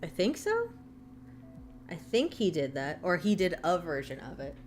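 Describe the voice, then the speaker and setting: A woman's voice: fairly low pitch, huge pitch swings, moderate pace, faint music behind. A young woman with an American accent, chatting casually and self-deprecatingly while she draws on a stream, sometimes talking through a mouthful of food. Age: young adult. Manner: talks while eating. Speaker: artist streaming while drawing. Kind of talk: casual chat.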